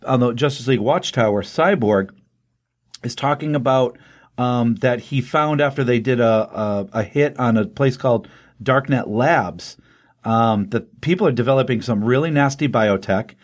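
Man, mid-pitched voice, casual comic recap, rambling, lots of ums, restarts. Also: normal speed. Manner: rambling, many ums and restarts, acts out quotes lightly. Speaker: podcast host recapping a comic.

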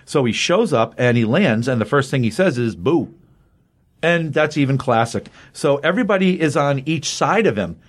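A man's voice: on the high side, animated, brisk, hardly any pauses. A man co-hosting a casual comic book talk show, enthusiastically recapping a story with many fillers and restarts. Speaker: comic book podcast co-host.

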